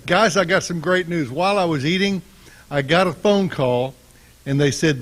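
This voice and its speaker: A man's voice: on the high side, moderate pace, fairly bright tone. A man serving as chaplain, joking briefly before leading a plain-spoken prayer. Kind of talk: light banter then spoken prayer.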